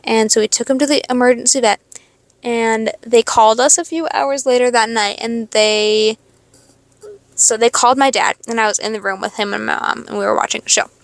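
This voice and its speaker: A woman's voice: on the high side, fairly even intonation, brisk, gravelly, no room sound. A young woman hosting a podcast, telling a rambling, expletive-laden personal story in a casual confessional monologue. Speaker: podcast host.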